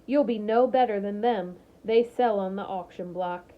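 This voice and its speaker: A woman's voice: medium pitch, moderate pace, close to an everyday voice. A woman voicing a gaunt, spiteful older Southern landlady who drawls and sneers, in a muffled lo-fi recording. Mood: scornful.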